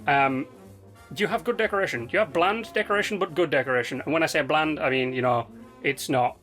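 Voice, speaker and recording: A man's voice: a little high, fast talker, a bit bright. A man hosting a gaming video, reviewing player builds in casual, slangy commentary that rambles with fillers and restarts. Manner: laid-back, slangy and rambling with many ums and restarts. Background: faint background music.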